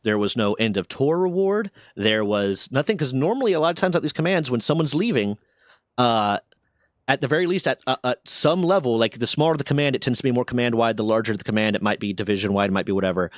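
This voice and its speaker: A man telling a long story in casual chat, in a dry and close sound. He rambles along with plenty of swearing and stumbling restarts, his pitch sitting in the middle range. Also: lively intonation, fast talker, no echo. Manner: rambling, profane, lots of restarts.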